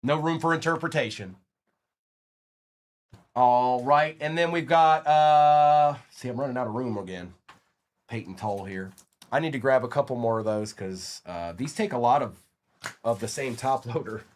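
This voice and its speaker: A man's voice: medium pitch, moderate pace. A man hosting a live trading card break stream, calling out each card and chatting casually with viewers. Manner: animated, calls out cards while chatting with viewers.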